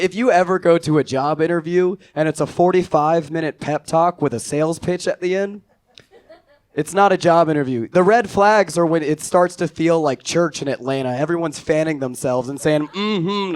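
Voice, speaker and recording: A young man telling a stand-up story in a slightly higher-than-usual voice. His delivery is dry and offhand. He lets the punchlines fall low and quiet. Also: brisk, clean tone. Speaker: stand-up comedian.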